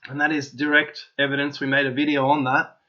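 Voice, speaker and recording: A man hosting his own channel, giving an opinionated solo monologue to his viewers in an excitable, insistent way that keeps circling back to the same points. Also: medium pitch, a little fast, lo-fi sound. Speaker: channel host.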